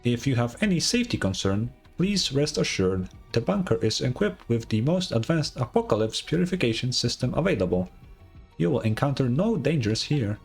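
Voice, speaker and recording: A man voicing a gentle female announcement system in a game fan dub, speaking in a measured, polite manner. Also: medium pitch, big pitch swings, creaky, husky, soft background music, heavily acted. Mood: calm.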